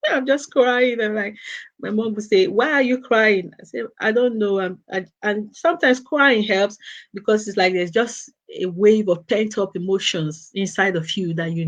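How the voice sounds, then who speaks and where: Female host, casual advice talk; soft, repetitive phrasing; muffled lo-fi recording. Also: on the low side. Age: adult. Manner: gentle, repetitive, with frequent restarts and "you know". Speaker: host of a girls' talk channel.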